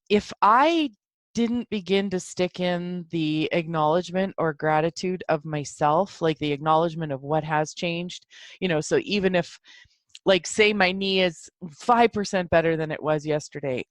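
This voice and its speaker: A woman's voice: lowish voice, a little slow, dry recording. A woman hosting her own podcast, talking casually in a rambling, chatty way with many fillers and an encouraging self-help tone. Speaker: podcast host. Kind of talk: casual solo talk.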